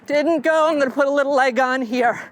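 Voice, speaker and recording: A middle-aged woman with a high voice teaches while riding in an outdoor arena. She coaches in a calm, steady way and speaks to her horse between explanations. There is clear noise around her, with hooves and open-air sounds. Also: fairly quick. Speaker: riding instructor. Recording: noisy outdoor recording.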